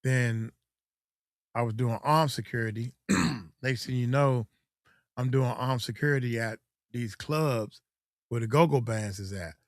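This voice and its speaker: A man's voice: medium pitch, a little slow, pauses often, no echo. Rambling middle-aged man, dry close sound. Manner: loose, rambling, acts out quotes in mocking voices. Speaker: host and coach. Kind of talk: casual livestream chat.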